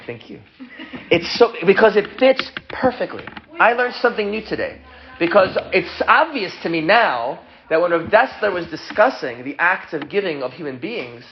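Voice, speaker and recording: A man teaching a casual Torah class to students, playful and chatty as he explains ideas and answers questions. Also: fairly high pitch. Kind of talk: informal Torah lesson with questions. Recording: dull lo-fi sound with loud hiss.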